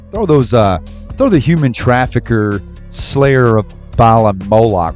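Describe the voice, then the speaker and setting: Here a low, slightly mellow male voice runs an online Bible study as casual ranting commentary. He gets heated, rambles in slang, and chuckles to himself between points.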